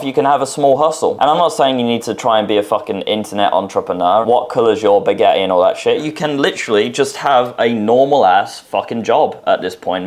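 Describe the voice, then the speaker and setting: Young english dude ranting advice to camera, lots of swearing, lowish voice. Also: male voice. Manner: swears a lot, blunt and animated. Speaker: self-improvement YouTuber. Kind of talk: casual advice monologue.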